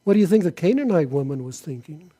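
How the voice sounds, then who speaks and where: A man's voice: on the high side, very animated, fast, warm tone. A man preaching a sermon, reading Bible passages aloud and then asking his listeners questions. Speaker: pastor.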